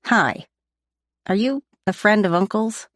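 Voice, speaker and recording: A woman's voice: medium pitch, slow, fairly bright tone, no echo, clean studio sound, pitched above the performer's own voice. A woman voicing a wary young boy who speaks in a guarded, matter-of-fact way in an audiobook.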